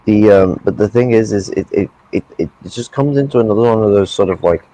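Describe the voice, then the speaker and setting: A man's voice: lowish voice, a little fast, mellow, no room sound, rough recording. A man in casual political chat, blunt and profane, ranting at length.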